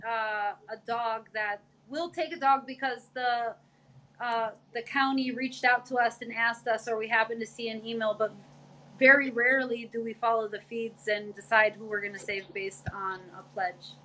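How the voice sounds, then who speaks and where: A woman from an animal rescue talks about the work in a casual, earnest and chatty way. Her voice is bright and forward, a little higher than most women's. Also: steady tone, normal speed, low-quality recording. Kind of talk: casual interview chat.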